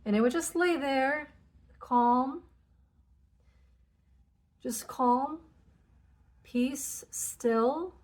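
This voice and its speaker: A woman with a slightly high voice talks through spiritual matters in a loose, unscripted way. She is frank and swears freely, slipping into quoted back-and-forth as she goes. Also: very slow, pauses often. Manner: candid, swears freely, acts out inner dialogue. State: tearful at moments. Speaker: spiritual channel host. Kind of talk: casual spiritual monologue.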